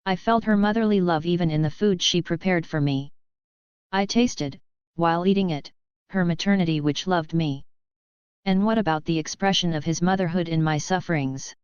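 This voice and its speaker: A woman reading devotional writings aloud in a slow, even, reverent way. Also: fairly low pitch, clean tone, no echo. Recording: dull lo-fi recording.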